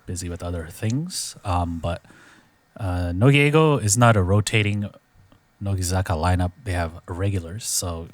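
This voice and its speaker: A man hosting a podcast in casual chat, recapping with a relaxed, filler-heavy storytelling manner. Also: low-pitched, moderate pace, dry recording. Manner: laid-back storytelling with lots of fillers. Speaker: podcast host.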